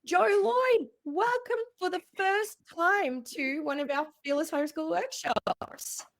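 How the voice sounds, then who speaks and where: A woman's voice: extremely high pitch, slow pace. A woman hosting an online panel discussion, upbeat and effusive as she introduces the guests. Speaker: host.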